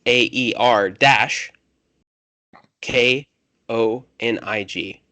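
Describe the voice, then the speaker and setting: A man's voice: mid-range voice, extremely slow, pushed and bright, no room sound. A man running a tabletop game as game master, talking casually and correcting himself as he goes.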